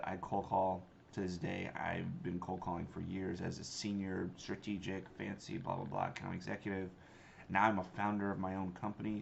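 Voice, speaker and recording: A man's voice: low voice, creaky. A man teaching cold calling in a casual, emphatic, conversational way. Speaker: sales trainer and company founder. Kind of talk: instructional talk with demo lines. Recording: slightly dull lo-fi sound, faint noise.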